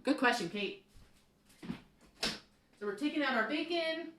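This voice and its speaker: A woman's voice: sits high, animated, a little slow, noisy background. A woman hosting a live cooking class from her home kitchen, chatting and rambling with lots of fillers and laughs. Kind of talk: live cooking demo chat.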